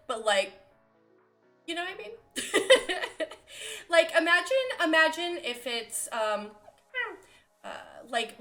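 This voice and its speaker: A woman's voice: a little high, sharp tone. A woman streaming live, chatting casually in a bubbly, giggly, easily distracted way. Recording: roomy echo with faint music.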